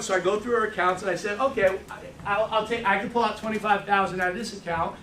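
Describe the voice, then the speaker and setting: New male trainer, animated storyteller, high pitch, distant roomy sound with faint ambience. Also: fast, noisy background. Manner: animated storytelling, repeats words. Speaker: financial services trainer. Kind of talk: training talk to a room. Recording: echoey room from far off.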